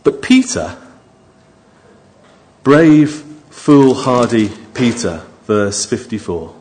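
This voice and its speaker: A man preaching a sermon, moving from quiet, low asides to raised, emphatic appeals to his listeners. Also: sing-song, drawn-out words.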